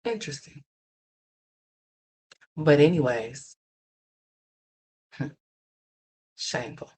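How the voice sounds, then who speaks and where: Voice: mid-range voice, animated, extremely slow, darkish tone. A livestream host giving ranting gossip commentary, blunt and profane, repeating points and talking straight to viewers.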